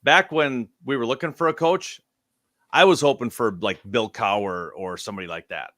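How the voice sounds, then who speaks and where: A man's voice: medium pitch, moderate pace, a bit bright, no room sound. Opinionated man, dry close sound. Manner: opinionated, emphatic. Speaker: co-host. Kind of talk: casual sports chat.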